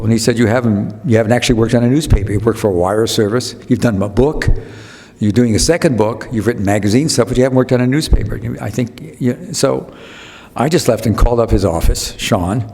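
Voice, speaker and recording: Long reverb from the hall surrounds a darkish, mid-range voice as an octogenarian from the United States spins anecdotes for an audience. His storytelling rambles, full of restarts and self-interruptions, and he voices other people's lines himself.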